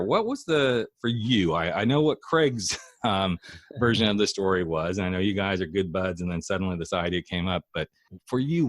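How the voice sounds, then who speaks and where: A man's voice: sits low, dry recording, clean studio sound. A man hosting a podcast, with punchy, upbeat slogans and a friendly, chatty manner with guests. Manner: upbeat, emphatic, rhythmic slogans. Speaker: podcast host. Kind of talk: hyped intro, then casual interview.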